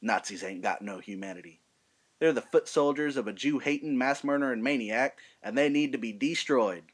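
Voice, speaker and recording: A man's voice: medium pitch, moderate pace, husky, close to an everyday voice. A man putting on a swaggering Southern army lieutenant. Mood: menacing swagger. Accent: American Southern, put on. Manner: drawling, swaggering speech to recruits. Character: brash male Southern army lieutenant, ruthless. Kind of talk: amateur film monologue reading.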